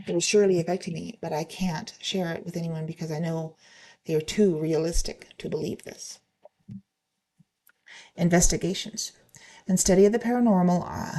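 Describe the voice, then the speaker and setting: A woman reading online stories aloud in a plain, steady way, with a few slips and restarts. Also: on the low side.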